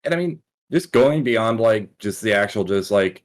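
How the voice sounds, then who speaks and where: A man co-hosting a podcast in casual chat, laid-back and quick to agree. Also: on the low side, animated, slight background noise. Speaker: podcast co-host.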